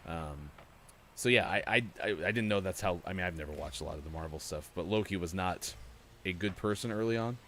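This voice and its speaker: A man's voice: low voice, fairly quick, a bit bright, slight background noise. A man hosting a morning gaming stream, chatting casually and rambling with many fillers while he plays. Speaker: show host.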